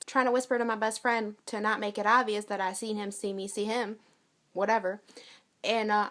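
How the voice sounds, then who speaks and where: A woman's voice: medium pitch, normal speed. A young woman telling a storytime vlog in a blunt, profane, casual way, acting out what she and others said. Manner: blunt, profane, with acted-out quotes. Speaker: vlogger.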